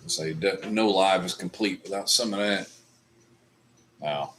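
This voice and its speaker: This middle-aged livestream host has a deep voice and a measured pace, drinking whiskey as he rambles through casual, profane rants. The recording is very noisy.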